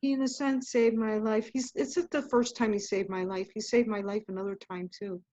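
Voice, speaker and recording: A woman guest author tells her story in a casual interview, earnest and rambling, often stopping and starting over. Her mid-range voice is dark-toned, fairly quick and fairly even in intonation, with no echo. The recording is dull, muffled and lo-fi.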